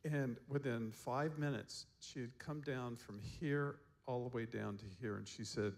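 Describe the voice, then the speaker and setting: A man giving a seminar talk as a counselor, telling stories in a relaxed way and chuckling often. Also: medium pitch, moderate pace, creaky, few pauses. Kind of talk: storytelling talk to a seminar group.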